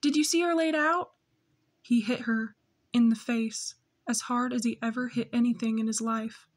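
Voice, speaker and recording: A woman reading a novel aloud in steady, measured scripted narration. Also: fairly high pitch. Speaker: audiobook narrator.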